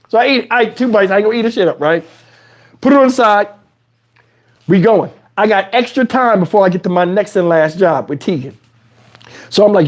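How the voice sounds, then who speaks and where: Man, high voice, swinging pitch, casual profane storytelling, chatty. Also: brisk, long pauses. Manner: animated, profane, conversational. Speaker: streamer telling a story.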